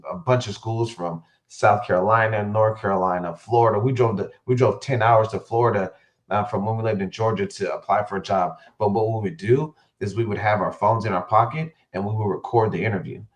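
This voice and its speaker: A man, a co-head football coach, telling stories in an interview, full of fillers and restarts, acting out what others said. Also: fairly low pitch. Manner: animated storyteller who acts out quotes, many fillers and restarts. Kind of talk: interview storytelling.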